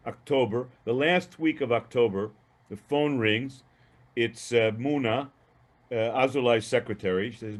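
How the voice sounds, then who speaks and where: Animated male storyteller on a video call. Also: mid-range voice, normal speed. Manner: animated, emphatic, with frequent restarts. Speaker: guest lecturer. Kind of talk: storytelling lecture.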